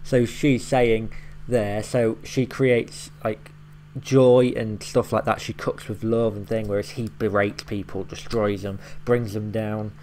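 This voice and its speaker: A man's voice: lowish voice, flat delivery, measured pace, mellow, slight background noise. A man hosting a reaction video, casually explaining each line with loose fillers and the odd swear. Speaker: YouTube reaction host.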